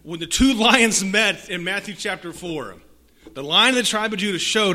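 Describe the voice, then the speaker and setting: A man delivers a sermon in a fairly high, forceful, bright voice. He drops to near-hushed phrases and then rises to loud emphasis, repeating key lines for effect. He reads scripture aloud with weight. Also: expressive, normal speed. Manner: dramatic swings from hushed to loud, with rhetorical repetition. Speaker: preacher.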